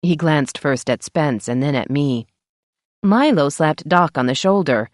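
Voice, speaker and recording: A woman's voice: deep voice, animated, a little slow, no room sound. A woman narrating an audiobook in first person, with a wry storytelling manner, on a close mic. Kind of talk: scripted narration.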